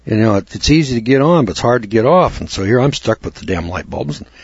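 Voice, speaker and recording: A man's voice: medium pitch, sing-song, fast, husky, no echo, dull audio. A man telling a rambling, folksy anecdote, often repeating words and restarting his sentences. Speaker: storyteller.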